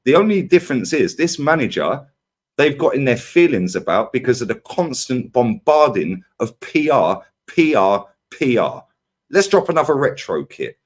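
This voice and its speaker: A man's voice: mid-range voice, normal speed. A man ranting in a heated football fan debate, firing rhetorical questions at his co-host. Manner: ranting, animated, rhetorical "yeah?" and "right?".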